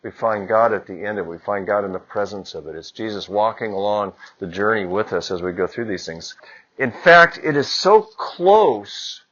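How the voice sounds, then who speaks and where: A priest giving a conversational homily, building to moments of emphasis. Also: male voice, deep voice, fairly even intonation, brisk, few pauses, dull audio. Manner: conversational preaching with rising emphasis. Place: church.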